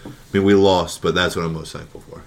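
A man's voice: deep voice, little pitch movement, fast talker, crowd noise. A man co-hosting a casual sports podcast, sarcastic and self-deprecating. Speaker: podcast co-host.

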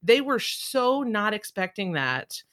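Bright-voiced woman chatting on a podcast. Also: medium pitch, big pitch swings, slow pace. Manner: laughing, enthusiastic. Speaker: podcast co-host. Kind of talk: casual film discussion.

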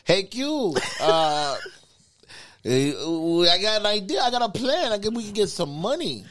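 A man's voice: very animated, a little slow, a bit bright, heavily acted. A man voicing an older woman with a Spanish accent who coaxes a friend into a money scheme. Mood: scheming. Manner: persuasive, pitching a money scheme.

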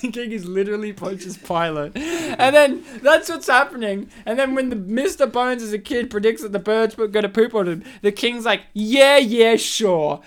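A woman tells a film plot in loose, casual podcast chat, bursting into loud acted bits. Her voice is smooth and clear and sits a little high. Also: normal speed, few pauses. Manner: animated storyteller, acts out characters with loud outbursts.

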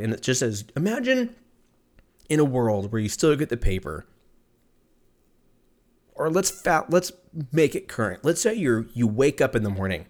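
A man hosting a solo podcast, rambling through a profane, joking rant and laughing often, his voice jumping up when excited. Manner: animated, jumps pitch when excited. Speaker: podcast host.

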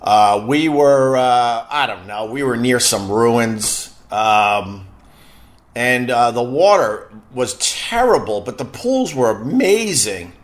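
Taking it slowly, a middle-aged man speaks in an expressive, medium-pitched voice with a Long Island accent. He's a radio host from Long Island, New York, casually spinning on-air stories that ramble and poke fun at himself.

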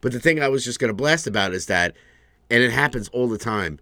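A man's voice: mid-range voice, a little fast, no echo. A man co-hosting a podcast, ranting and swearing in casual chat. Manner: ranting, swears freely, animated. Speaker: podcast co-host.

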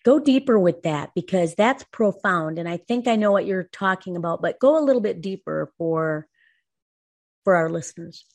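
A woman co-hosting a talk show, telling a personal story in an earnest, lively way. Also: fairly low pitch, moderate pace. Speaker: co-host. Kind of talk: casual podcast talk.

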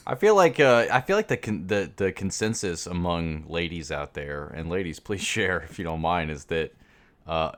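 Young male co-host, deep and animated, crude joking banter. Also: moderate pace. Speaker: podcast co-host. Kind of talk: casual comedic chat.

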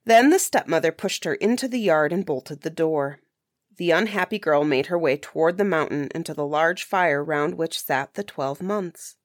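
A woman reading a fairy tale aloud in a measured, gently expressive way. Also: sits low, no room sound, studio quality. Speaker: storyteller. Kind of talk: storybook reading.

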